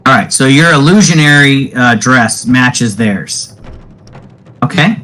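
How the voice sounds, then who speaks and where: A man's voice: medium pitch, lively intonation, sharp tone, faint music behind, rough recording. A man acting as game master in a tabletop game, chatting and explaining the rules at length. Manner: chatty, explains rules at length, quick questions when puzzled. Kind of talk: running a tabletop game, casual chat.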